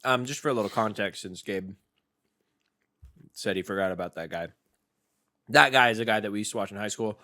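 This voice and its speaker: A man's voice: on the low side, a little fast, long pauses, sharp tone. A man co-hosting a snack-tasting podcast, chatting casually, playful and teasing, often laughing. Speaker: podcast co-host.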